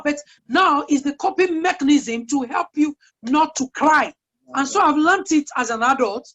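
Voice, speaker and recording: A woman's voice: high voice, a little fast, a bit bright. A woman guest speaker giving an earnest, chatty parenting talk full of personal stories. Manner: earnest, chatty, sharing anecdotes. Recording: dull lo-fi sound.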